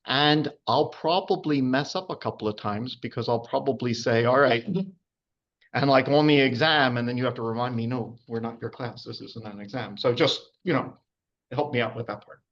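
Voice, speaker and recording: An anatomy and physiology instructor with a medium-pitched, slightly bright voice teaches a live class at a moderate pace. His informal public lecture is chatty, packed with fillers and asides, and the recording has its highs cut off.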